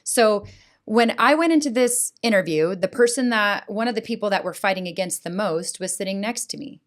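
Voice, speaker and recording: As a guest on a podcast, this middle-aged woman, a school board president, recounts personal experiences with heartfelt emotion and animation. A frequent "right?" checks in with her listener. She talks fairly quickly in a mid-range voice.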